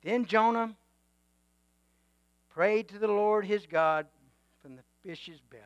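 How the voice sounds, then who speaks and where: A male preacher delivering a sermon, swinging from quiet musing to loud exhortation and calling for amens. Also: high voice, unhurried, long pauses, dry recording.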